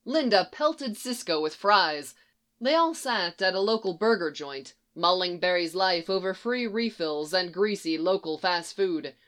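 A woman narrating a story aloud in a steady, lightly acted reading. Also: on the low side, a little slow.

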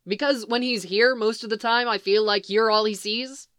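Sulky, high-strung adult man, a woman narrator doing him, petulant and pitched up, smooth dry read. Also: steady tone, normal speed, a bit bright, dry recording, lightly acted. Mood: gloomy. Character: neurotic, prickly adult man, gloomy and sulky.

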